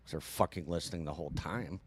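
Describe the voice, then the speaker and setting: A man's voice: low voice, fast, crowd noise. A man joining a casual studio chat, speaking in a blunt, profane, wry way.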